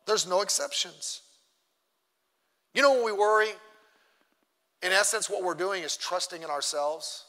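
A man preaching a sermon as pastor, emphatic, swinging between loud and soft. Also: high voice, expressive, normal speed. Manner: emphatic preaching, rising and dropping in loudness. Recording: long hall reverb.

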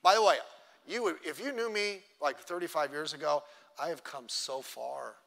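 A middle-aged male pastor teaches a church class in a chatty, self-deprecating style, acting out little quotes in conversational sermon fashion. His fairly high voice is pushed and bright with vocal fry, at a moderate pace, and the church hall gives a long reverb.

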